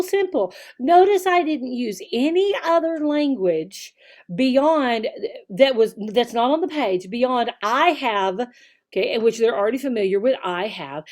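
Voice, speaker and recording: A woman teacher explaining how to teach slides. She speaks patiently, checks in with "okay?" and says key words slowly and clearly. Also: fairly high pitch, a little mellow. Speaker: online English teacher.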